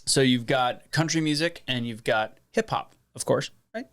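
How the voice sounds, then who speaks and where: Man, podcast guest, blunt, swears freely, opinionated, mid-pitched. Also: moderate pace, fairly bright tone. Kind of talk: casual podcast chat.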